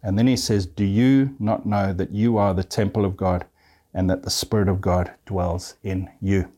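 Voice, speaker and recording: A man's voice: sits low, steady tone, moderate pace, dark tone. A man preaching a sermon, reading scripture verses aloud and earnestly addressing his listeners as friend.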